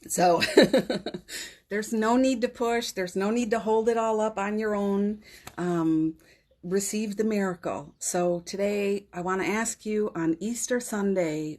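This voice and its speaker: Eine Frau mittleren Alters, die als Gastgeberin einer täglichen spirituellen Live-Sitzung gefühlvoll erzählt, oft den Tränen nahe und mit leisem Lachen. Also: female voice, mid-range voice. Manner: emotional, often tearful, laughs softly between phrases. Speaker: host of a daily live spiritual session. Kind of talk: heartfelt spiritual storytelling. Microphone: phone livestream.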